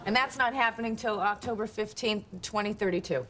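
Actress doing quirky deadpan young woman, breezy, loud noise under it. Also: medium pitch, brisk, lightly acted. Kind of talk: sitcom acting.

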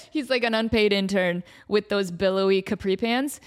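A woman's voice: medium pitch, a little slow. A woman hosting a comedy podcast, rambling through a silly made-up story, laughing often and acting out bits. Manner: animated, laughs often, acts out silly voices.

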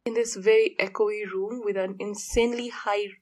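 A young woman hosting her podcast in casual chat, a little hoarse and tired, laughing often, in an echoey room with a high ceiling. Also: normal speed. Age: young adult. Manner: relaxed, chatty, laughs often. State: hoarse morning voice. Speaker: podcast host. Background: noisy fridge.

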